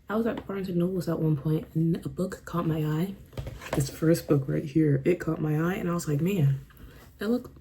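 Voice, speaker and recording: Chatty young woman, low-key mellow voice. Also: husky, low-quality recording. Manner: chatty, rambling, many "like" fillers. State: a bit out of breath. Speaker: book vlogger. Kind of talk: casual vlog chat. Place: room at home with a fan running. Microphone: camera on a stand.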